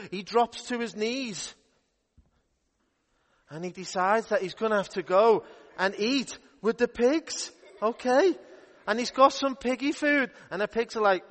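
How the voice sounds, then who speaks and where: Playful youth minister in a hall. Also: male voice, high-pitched, lively intonation, normal speed. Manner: playful, upbeat storytelling to children. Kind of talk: children's Bible story talk. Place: church hall. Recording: echoey hall with long reverb.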